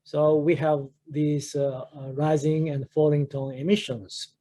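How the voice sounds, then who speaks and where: Older man, Japanese accent, academic lecture, fairly high voice, mellow tone, halting with many fillers. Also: flat delivery. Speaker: professor giving a research seminar.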